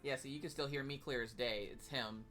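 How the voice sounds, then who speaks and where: A woman's voice: a bass voice, steady tone, brisk, fairly bright tone, faint music behind. A woman hosting a live stream from home, chatting casually and bantering with lots of giggles. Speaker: streamer and host. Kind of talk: casual chat while crocheting on a live stream. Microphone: desk microphone.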